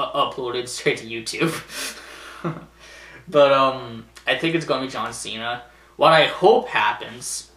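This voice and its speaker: A man's voice: medium pitch, pushed and bright. Sarcastic, rambling man in an echoey room. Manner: rambling and sarcastic, laughs at his own jokes, swears. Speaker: vlogger. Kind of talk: casual commentary vlog.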